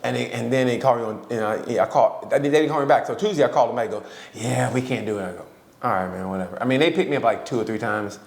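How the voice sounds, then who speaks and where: A man's voice: medium pitch, rapid-fire, gravelly. A man co-hosting a podcast, telling stories in a casual chat, swearing often and breaking into laughter. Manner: profane, laughing, animated storyteller. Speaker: podcast co-host. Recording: roomy echo.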